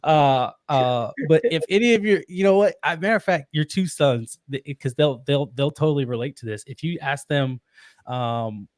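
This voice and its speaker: Man, thirties, podcast guest, animated storytelling, dry recording. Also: fairly high pitch, moderate pace, dry recording. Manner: animated, laughs often, acts out quoted voices. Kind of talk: storytelling in casual conversation.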